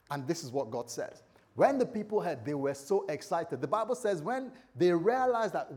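An animated male pastor delivers a sermon in a church, now and then teasing his listeners. His voice sits a little high for a man. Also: normal speed, slightly rough.

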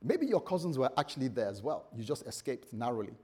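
A man's voice: medium pitch, lively intonation, quick pace, hardly any pauses, mellow, husky. A man preaching a sermon in a conversational way, quizzing his listeners and acting out scenarios for them.

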